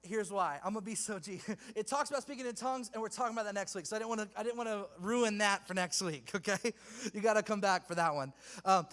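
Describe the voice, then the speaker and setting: A man's voice: sits high, fast, a bit bright, in a large hall. A man preaching a sermon to a youth group, casual and slangy, joking with the crowd between points. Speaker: youth pastor. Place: church hall with youth audience.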